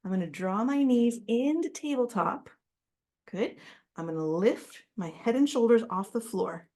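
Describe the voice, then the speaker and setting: A woman's voice: fairly high pitch, animated, unhurried, mellow. Woman giving a guided Pilates class. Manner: encouraging, laughs often, corrects herself. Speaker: Pilates instructor. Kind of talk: guided exercise class instruction.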